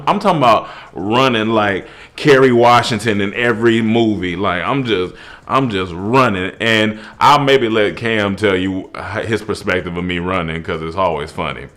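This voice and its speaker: Animated man telling a wild comedic story. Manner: animated, laughs through the telling, rising to high shouts.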